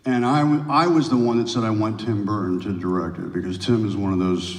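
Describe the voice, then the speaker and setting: A man's voice: fairly low pitch, brisk. Guy on stage spinning long rambly stories, bouncy impressions, big echoey hall mic far off. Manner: rambling anecdotes, animated impressions. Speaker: guest actor. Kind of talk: onstage interview. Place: large venue stage. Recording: roomy hall, distant mic.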